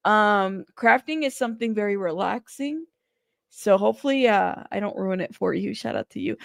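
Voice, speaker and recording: A woman's voice: medium pitch, moderate pace, gravelly, no room sound, clean studio sound. A woman hosting a casual news livestream, chatty and greeting her viewers one by one by name.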